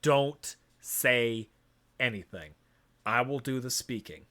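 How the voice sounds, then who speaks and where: A man playing a gruff middle-aged police chief who barks curt orders, retelling a game scene. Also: medium pitch, slow pace, bright, forceful tone, voice pushed down. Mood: stern.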